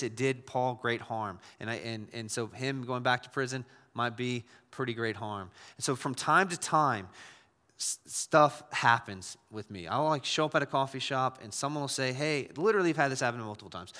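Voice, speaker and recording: Bright-voiced male pastor in a reverberant hall. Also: mid-range voice, moderate pace. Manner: conversational, with frequent restarts and repeated words. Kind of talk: sermon.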